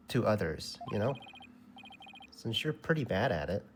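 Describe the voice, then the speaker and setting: A man giving casual gameplay commentary, loud and incredulous, swearing often. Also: fairly low pitch, big pitch swings, normal speed, long pauses, slight background noise. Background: game music.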